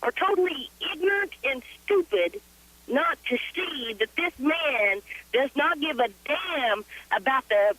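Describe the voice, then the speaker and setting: Indignant older female caller, high and bright. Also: animated, unhurried, no echo, rough recording. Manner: blunt, indignant, emphatic. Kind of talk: call-in rant.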